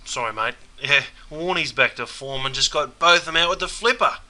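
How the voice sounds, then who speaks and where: Over a rough recording, a man with a bright, forceful, somewhat high voice plays a laid-back Aussie bloke watching cricket in a scripted comedy sketch. At normal speed, he puts on a broad, slangy Australian ocker drawl.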